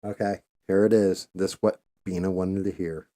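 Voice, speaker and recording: A man's voice: deep voice, level tone, normal speed, dark tone. A man hosting a casual painting livestream, rambling loosely and swearing freely.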